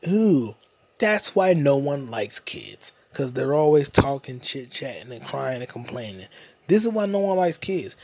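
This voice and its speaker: This solo podcast host has a slightly high, darkish, husky voice captured in a dry recording. He rants crudely and profanely, rambling and joking, and sings snatches here and there.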